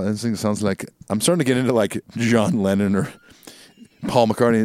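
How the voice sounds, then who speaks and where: A man co-hosts a casual podcast, drifting into rambling absurd stories and reading emails from listeners. His voice sits somewhat low. The sound is close and dry, with no room around it. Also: steady tone, fairly quick, darkish tone, no room sound. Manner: joking, rambling storyteller, reads listener emails. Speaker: podcast co-host.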